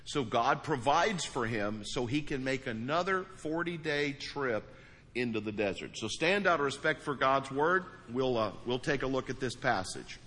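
A man preaching a sermon as pastor, emphatic, then dropping into a quiet prayer. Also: mid-range voice, animated, moderate pace, big-room sound.

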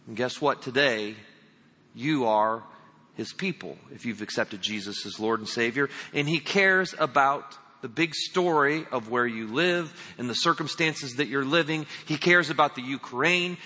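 A man with a strikingly bright, fairly high voice delivers an emphatic sermon, often turning to his listeners as friends. His words ring out with the long reverb of a large hall. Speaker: pastor.

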